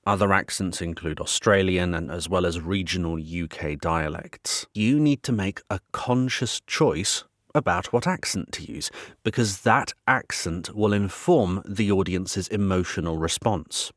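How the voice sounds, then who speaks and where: Man, very deep voice, voice actor, measured explainer, dry close mic. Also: fairly bright tone, dry recording. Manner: measured, explanatory, with small restarts. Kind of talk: explainer talk to camera.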